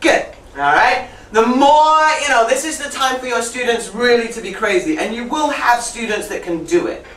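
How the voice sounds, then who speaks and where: Woman, teacher trainer, lively classroom demo, repeats and corrects students, roomy echo, heard from a distance. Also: fairly high pitch, normal speed, hardly any pauses. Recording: echoey classroom from far off with faint noise.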